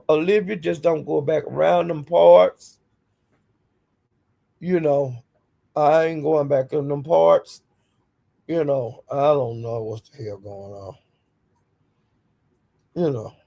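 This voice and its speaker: A woman's voice: low voice, gravelly, warm tone. A woman hosting a casual livestream, greeting viewers by name and speaking bluntly and defiantly. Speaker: livestream host.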